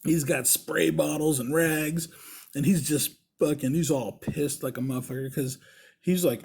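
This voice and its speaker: A man telling a casual, profane story as a podcast host, laughing as he goes and shouting the lines of the people in it. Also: on the high side, fairly even intonation, unhurried, vocal fry, breathy edge. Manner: heavy swearing, laughs while telling; shouts in mock-angry voices for quoted people.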